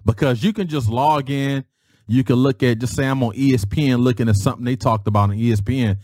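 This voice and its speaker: Hosting his own podcast, a man spins casual, animated stories, his pitch jumping up for emphasis and his talk dotted with "freaking" and "daggone" in place of real swears. He moves at a quick pace, with no echo and a clean studio sound.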